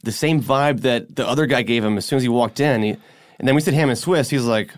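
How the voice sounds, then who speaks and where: A man's voice: mid-range voice, fast talker, no room sound. A man co-hosting a podcast, casually retelling a strange story and acting out the quotes. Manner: animated retelling, acts out quotes. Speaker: podcast co-host.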